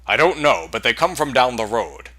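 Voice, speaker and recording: A man voicing a calm, proud male warrior in a fantasy game, measured and commanding. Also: mid-range voice. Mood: resolute.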